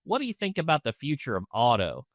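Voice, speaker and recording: A man's voice: mid-range voice, huge pitch swings, fast talker, no room sound, studio quality. A man hosting a podcast interview, asking questions in a casual, upbeat way. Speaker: podcast host.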